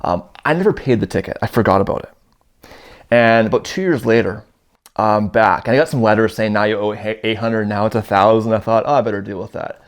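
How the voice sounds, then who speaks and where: A man in his thirties from Canada, telling a story in a casual, animated way. His voice sits a little low, and he acts out the people in his tale as he goes. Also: brisk. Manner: animated, acts out quoted dialogue in his stories. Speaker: storyteller guest. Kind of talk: casual first-person storytelling.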